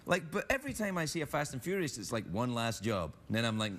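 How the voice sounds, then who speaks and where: A man's voice: mid-range voice, very animated, very noisy. A Scottish man hosting a late-night talk show, joking and teasing his guest sarcastically. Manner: teasing, sarcastic, quick jokes. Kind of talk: joking interview banter. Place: studio with audience.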